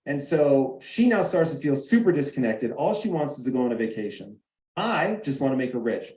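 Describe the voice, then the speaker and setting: A man's voice: mid-range voice, big pitch swings, fairly quick, a little mellow, reverberant, low-quality recording. A man telling a personal story over a video call, emphatic and acting out the arguments he quotes. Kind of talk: animated storytelling. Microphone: video call mic.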